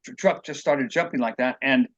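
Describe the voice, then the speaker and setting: Speaking at normal speed in a mid-range, fairly bright voice, this man comes through on dull audio. He's an author being interviewed, earnestly meandering through his own stories and voicing people's quotes.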